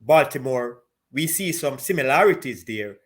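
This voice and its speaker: A man from Jamaica hosting an interview, asking calm questions and laughing along with his guest. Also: mid-range voice, normal speed. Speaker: host, former Olympian.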